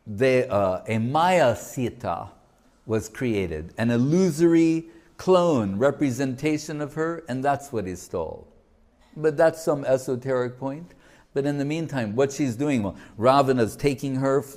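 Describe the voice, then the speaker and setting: A man teaches a spiritual class, retelling a sacred story in a loose, joking, conversational way. He speaks at an unhurried, slow pace and often restarts his sentences or breaks off into asides. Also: medium pitch, darkish tone. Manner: joking, chatty, full of restarts. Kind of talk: casual storytelling talk to an audience.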